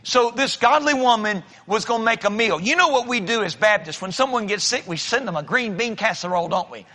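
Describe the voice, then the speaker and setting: A man's voice: high voice, expressive, fairly quick, pushed and bright. A man preaching a sermon as pastor, telling folksy stories and acting out the voices of the people in them. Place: church sanctuary. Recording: long reverb of a large hall.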